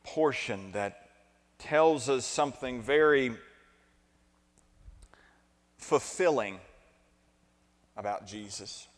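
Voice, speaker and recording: A man preaching a sermon as pastor, deliberate at first and building to emphatic points, asking the congregation to repeat after him and answer his questions. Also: mid-range voice, expressive. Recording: long reverb of a large hall.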